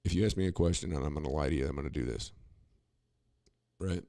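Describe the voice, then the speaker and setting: An extremely low-pitched, dark-toned man talks fast in a dry, studio-quality recording. As a podcast co-host offering casual political commentary, he rambles and opines freely, with many restarts and asides.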